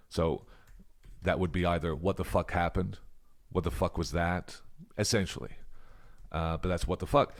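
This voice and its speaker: A man's voice: low-pitched, fairly even intonation, measured pace, long pauses. An Australian man giving a reflective English grammar lesson, musing aloud and now and then dropping to a whisper to act out example questions. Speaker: English teacher.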